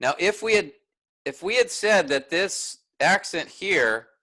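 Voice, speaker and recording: A man's voice: sits high, lively intonation, unhurried, bright, forceful tone, low-quality recording. A man teaching a workshop, explaining step by step and often checking in with "all right?".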